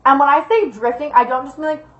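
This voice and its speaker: A woman's voice: sits high, fast, fairly bright tone, dull audio. Rambling, swearing young woman in echoey room. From Las Vegas, USA. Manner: rambling, swears a lot, repeats herself for emphasis. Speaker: vlogger. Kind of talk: casual storytime.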